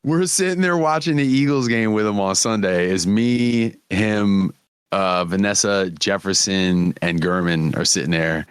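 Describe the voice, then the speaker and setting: Laughing, foul-mouthed podcast host, low voice. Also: male voice, unhurried, clean tone, dry recording, studio quality. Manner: profane, laughing storyteller. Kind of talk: casual chat.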